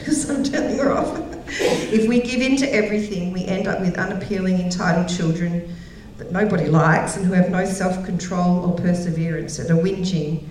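A woman's voice: fairly low pitch, a little mellow, a little hiss or hum. A middle-aged woman speaking at a women's gathering, telling stories, laughing often and acting out the voices of the people she quotes. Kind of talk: sermon. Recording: very echoey hall, voice heard from a distance.

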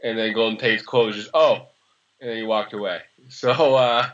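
A young man in his early twenties talks sports on a casual podcast, rambling and sarcastic. His voice is bright and forceful. The recording sounds a little dull and lo-fi. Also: on the low side, steady tone. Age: early 20s. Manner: rambling, sarcastic, quick to laugh. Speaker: podcast co-host.

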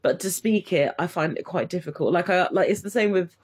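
A woman's voice: lowish voice, a little fast, slightly rough. A woman co-hosting a casual podcast chat, talking freely and mimicking how others speak. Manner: chatty, laughing, mimics others. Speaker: podcast co-host.

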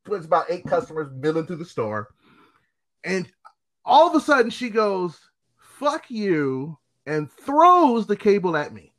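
Man, casual host, high voice that jumps all over, blunt and profane. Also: sing-song, normal speed, a bit bright. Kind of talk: casual chat.

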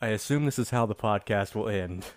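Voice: medium pitch, brisk. A podcast co-host running a movie-quote quiz in casual chat, playful and teasing.

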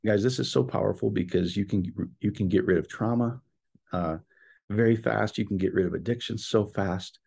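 Man, informal faith talk, earnest, enthusiastic, dark warm tone, creaky low voice. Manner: earnest and enthusiastic, addresses listeners as guys, quick repetitions and restarts. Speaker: Christian teacher.

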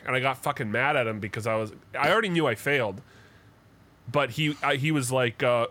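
A man's voice: medium pitch, a little fast, sharp tone. A man co-hosting a podcast, telling stories in casual chat with heated, profane rants. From Canada. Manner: profane, heated ranting storyteller. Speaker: podcast co-host.

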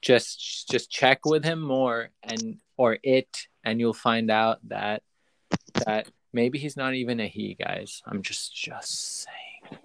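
A man hosting a podcast, chatting in an animated, joking way with many restarts. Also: medium pitch, slow pace, vocal fry, no echo. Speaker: podcast host. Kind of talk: casual chat.

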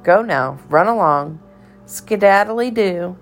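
A woman's voice: mid-range voice, expressive, slow pace, soft background music, pitched above the performer's own voice. A woman voicing an eccentric older cafeteria lady who speaks in riddles and scolds in a theatrical sing-song. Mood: bossy.

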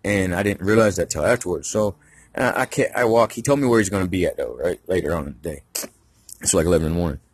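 Man, very deep, husky, dry close sound, rambling profane storyteller. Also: quick pace, dry recording. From Georgia, US. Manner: rambling, heavy profanity, slangy. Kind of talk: casual storytelling monologue.

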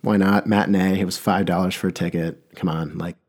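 Young male podcast host with a fairly low voice. Loose, rambling solo delivery that pokes fun at himself. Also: fairly even intonation, brisk, a little mellow. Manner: rambling, self-mocking, with many restarts. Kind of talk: casual solo podcast monologue.

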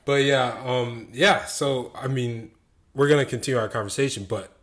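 A man's voice: mid-range voice, steady tone, normal speed. Laid-back young man hosting a podcast. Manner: easygoing, laughs often. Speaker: podcast host. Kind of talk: casual chat.

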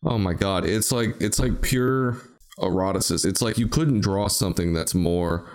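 Low-voiced man rambling jokey stories. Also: normal speed, clear, resonant tone. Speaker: podcast host. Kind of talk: casual chat.

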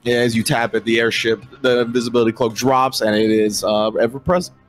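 A man's voice: mid-range voice, little pitch movement, a little fast, faint music behind. A man running a tabletop game as game master, narrating loosely with lots of fillers.

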